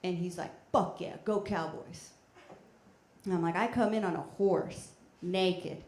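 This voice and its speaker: A woman's voice: on the low side, unhurried. Woman doing stand-up in an echoey theater. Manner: deadpan, chatty, with bursts of loud shouting. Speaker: stand-up comedian. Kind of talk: stand-up comedy set. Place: theater stage before a live audience. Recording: echoey theater with faint noise.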